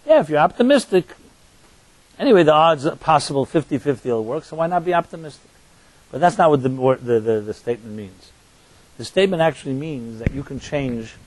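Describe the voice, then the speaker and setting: A man's voice: medium pitch, darkish tone, no room sound, low-quality recording. A man, a rabbi, giving a sermon in a conversational storytelling manner with restarts and asides to his listeners. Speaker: rabbi and teacher.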